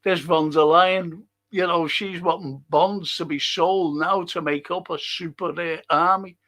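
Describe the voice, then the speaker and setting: A man's voice: a little high, fairly even intonation, measured pace, sharp tone. A man, older, hosting a podcast in casual rambling talk and chuckling through his stories. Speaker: podcast host.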